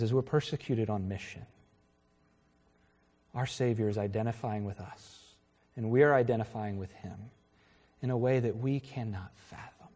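A man's voice: mid-range voice, dark tone. Middle-aged male pastor, earnest and conversational, long church reverb. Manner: earnest, conversational preaching with pauses and self-corrections. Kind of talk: sermon. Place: church sanctuary. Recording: reverberant hall.

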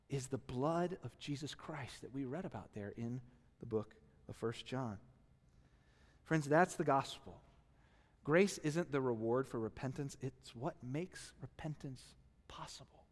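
Male pastor, sermon delivery, animated storyteller, long reverb. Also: mid-range voice, unhurried. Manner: animated storytelling, acting out quotes, self-deprecating.

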